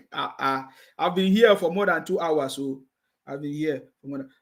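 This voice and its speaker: A man's voice: fairly high pitch, normal speed, vocal fry. A man with a Nigerian English accent hosting a live stream, reading viewer comments and scolding his critics with repeated mocking taunts. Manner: reads viewer comments aloud.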